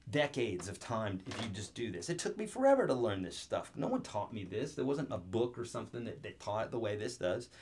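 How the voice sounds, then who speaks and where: A man teaching guitar chords in an online video lesson, upbeat and joking as he talks straight to the viewer. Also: mid-range voice.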